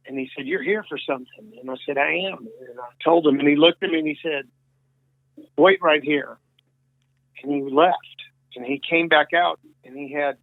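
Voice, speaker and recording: Male interview guest, rambling storyteller, dry phone-line audio, slightly higher voice. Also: no echo. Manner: rambling, many restarts and quoted dialogue. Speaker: guest musician.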